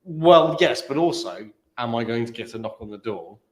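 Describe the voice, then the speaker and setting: A man in a meeting room, chatting casually about tech in a rambling, playful way full of halting restarts. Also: medium pitch, expressive. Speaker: guest, tech industry worker. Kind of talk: casual chat.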